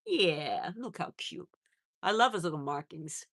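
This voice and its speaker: With a lowish voice, lively intonation and vocal fry, a middle-aged woman keeps a measured pace on her pet livestream. Chatty and warm, she reads out viewers' messages and babies her animals.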